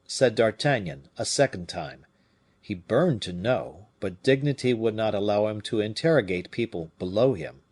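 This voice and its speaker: Reading a classic novel as an audiobook, a man speaks in a low-leaning voice with a breathy edge. His narration stays measured and even.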